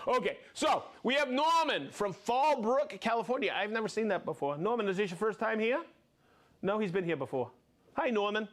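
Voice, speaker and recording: A man hosting a live stream, upbeat, reading off viewer names and places with quick friendly asides. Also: high voice, animated, a bit bright. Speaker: livestream host.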